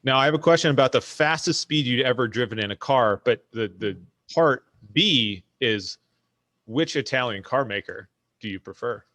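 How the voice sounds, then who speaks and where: A man's voice: mid-range voice, animated, normal speed, a bit bright, no room sound. A man hosting a podcast, asking questions in a jokey, chatty way. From United States. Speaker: podcast host. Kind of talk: casual interview chat.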